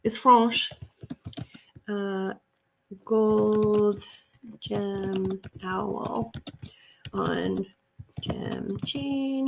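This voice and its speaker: A chatty woman talks through her work on a casual live stream, going through jewelry and gushing over the cute pieces. Her pitch sits in an ordinary middle range, and keys clatter softly behind her. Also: extremely slow, vocal fry, pauses often, slight background noise. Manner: chatty, gushing over items, reads viewer comments. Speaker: reseller livestream host.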